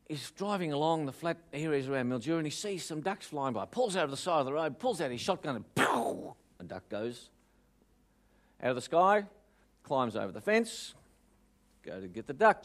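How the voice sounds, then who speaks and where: Australian male speaker, lively joke-teller, fairly high voice. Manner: lively joke-telling, audience questions. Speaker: motivational speaker. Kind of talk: live motivational talk with jokes.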